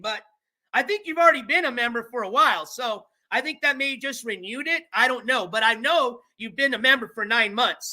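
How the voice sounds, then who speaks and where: Stream host, very bright voice, casual, reads legal papers aloud, explains as they go. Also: sits high. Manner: chatty, stops to explain legal wording; thanks channel members by name. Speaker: livestream host. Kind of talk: casual commentary reading court papers aloud.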